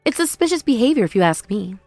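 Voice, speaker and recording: A woman plays a desperate young sister-in-law in a voiced text-message drama. She begs and makes excuses in a slightly high, pleading voice. The sound is dry, with faint music underneath. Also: very animated, quick pace, a little mellow, no echo. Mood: defensive. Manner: pleading, whiny, self-pitying. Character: desperate, remorseful sister-in-law begging forgiveness.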